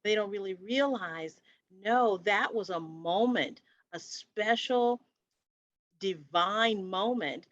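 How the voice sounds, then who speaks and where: A woman's voice: mid-range voice, takes it slowly, fairly bright tone, no room sound. A woman co-hosting a podcast in casual conversation, reflective and repeating phrases for emphasis. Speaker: podcast co-host. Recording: dry, dull lo-fi sound.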